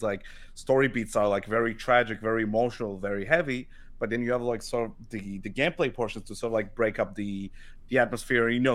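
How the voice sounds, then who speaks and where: A man co-hosting a podcast, thinking out loud in a rambling, casual way. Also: mid-range voice. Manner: rambling, thoughtful, lots of fillers. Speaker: podcast co-host.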